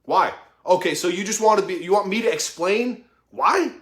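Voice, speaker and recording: A man's voice: high voice, normal speed, a bit bright, reverberant. A man in his thirties giving an impassioned motivational monologue, swearing heavily in a raw, emphatic way. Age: 30s. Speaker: vlogger.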